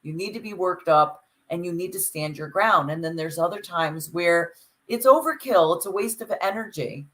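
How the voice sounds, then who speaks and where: A woman's voice: lowish voice, moderate pace, a bit bright, poor audio. A woman co-hosting a podcast, reflecting aloud and talking things through in a casual chat. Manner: reflective, talks it through with restarts. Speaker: podcast co-host.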